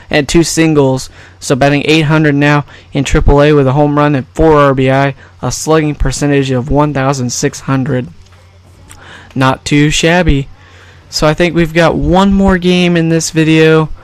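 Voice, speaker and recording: A man's voice: fairly high pitch, clear, resonant tone, no room sound. A man giving casual, rambling and jokey commentary over a baseball video game. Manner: rambling, jokey, self-correcting. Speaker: gaming YouTuber.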